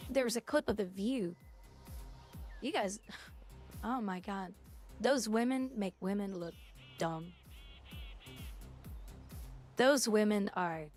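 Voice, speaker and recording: A young woman streamer chatting casually on a livestream, blunt and opinionated, rambling from one thought to the next. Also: mid-range voice.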